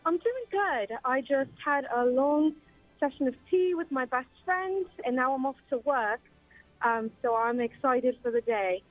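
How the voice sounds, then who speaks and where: A woman's voice: sits high, animated, a little slow. A woman calling in to a radio show, trying a put-on British accent. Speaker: caller. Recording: tinny phone line with music behind.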